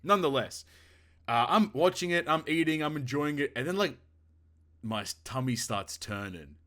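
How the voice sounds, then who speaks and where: Young male co-host, bright voice, animated storyteller who swears casually. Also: a little high, normal speed. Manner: animated storyteller, acts out quotes, laughs often, swears. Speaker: podcast co-host. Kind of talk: casual chat.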